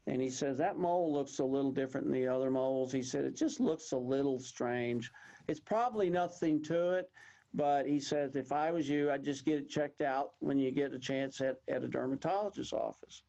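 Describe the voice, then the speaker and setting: A man's voice: medium pitch, normal speed, creaky, warm tone, lo-fi sound. A man in his sixties from Texas with a Texan accent, a guest telling a rambling, folksy personal story and acting out what others said. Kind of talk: storytelling in an interview.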